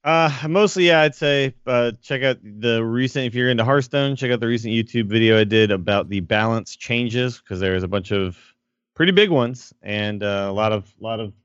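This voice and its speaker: A man co-hosting a gaming podcast who explains game balance in a measured way, checking for agreement. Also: mid-range voice, a bit bright, clear, resonant tone, dry recording. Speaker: gaming content creator, podcast co-host. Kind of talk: casual gaming podcast chat. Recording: slightly dull lo-fi sound.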